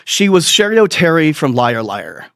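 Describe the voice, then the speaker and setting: A man's voice: fairly high pitch, very animated, normal speed, creaky, a bit bright, no room sound, clean studio sound. A man hosting a comedy podcast, telling crude, rambling stories in a profane, self-mocking way and laughing at his own jokes. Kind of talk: crude comic storytelling monologue.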